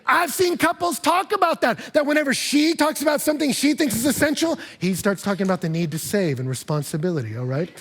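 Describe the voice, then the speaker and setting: A man preaching a sermon as pastor, lively and humorous, acting out couples' voices. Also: extremely high pitch, fast, hardly any pauses, breathy edge.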